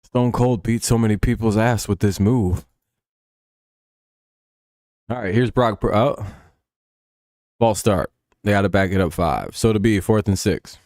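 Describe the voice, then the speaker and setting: A man's voice: on the low side, a little slow, pauses often, darkish tone, no echo, studio quality. A sleepy man hosting a live stream, rambling, joking and swearing as he calls a football game. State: tired and yawning. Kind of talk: casual game watch-along commentary.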